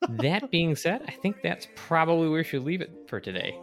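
A man's voice: on the high side, lively intonation, a little fast, music in the background. A man hosting a podcast, wry and dry-witted, wrapping up the show. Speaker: podcast host. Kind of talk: casual chat and podcast outro.

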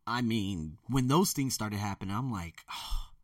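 A man's voice: on the low side, lively intonation, normal speed, no room sound, distant mic. Guy vlogging about family, candid and rambling, sits back from a dry-sounding mic. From United States. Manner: rambling and candid, quotes others in a mimicking voice. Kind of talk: personal storytelling monologue.

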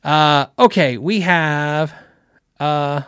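A man's voice: fairly high pitch, very slow, fairly bright tone, clean tone, no echo, clean studio sound. A man hosting a live guitar show, chatting casually with viewers, rambling and laughing as he acts out quotes. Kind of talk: casual live-stream chat answering viewer questions.

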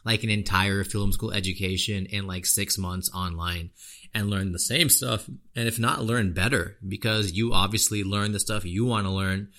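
A man's voice: lowish voice, fairly even intonation, normal speed, pushed and bright. A man hosting a podcast, talking in a blunt, slangy, ranting way. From United States. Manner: blunt, slangy, ranting with lots of "dude" and "you know". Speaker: podcast host. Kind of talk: casual podcast monologue.

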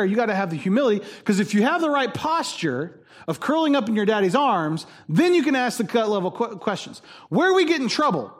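A man preaching a sermon as pastor, conversational and jokey with emphatic stresses. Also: high-pitched.

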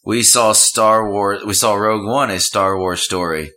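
A man with a fairly low but bright voice co-hosting a casual podcast. He talks eagerly, stumbling through fillers and half-started phrases. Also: steady tone. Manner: enthusiastic, halting, lots of fillers. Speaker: podcast co-host. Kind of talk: casual chat.

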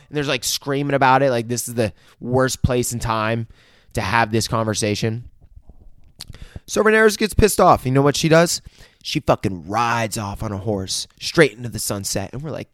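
Casual male recapper, mid-pitched voice, swears constantly, rambles, acts out the characters' lines, dry close sound. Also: moderate pace, no echo. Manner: profane, rambling, animated retelling with quoted dialogue. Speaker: show recapper.

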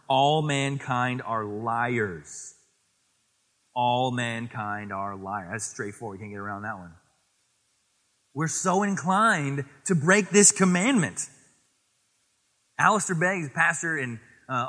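A man preaching a sermon as pastor, lively and animated, quoting scripture and acting out little voices in his stories. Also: on the high side, big-room sound. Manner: animated, acts out voices in anecdotes, quotes scripture.

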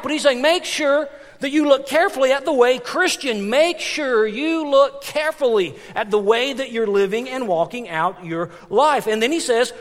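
High-pitched male pastor, lively storytelling sermon, long church-hall reverb. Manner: animated, storytelling with frequent restarts and repetitions.

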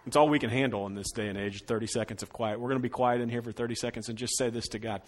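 A middle-aged man preaching an Easter sermon as pastor, swinging between loud, emphatic stretches and hushed, slowed phrases. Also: medium pitch, fairly even intonation.

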